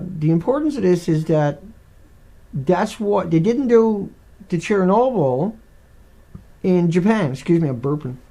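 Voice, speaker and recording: A man's voice: fairly high pitch, vocal fry, dark tone. A man hosting a live stream, talking in a rambling, digressive way with many restarts.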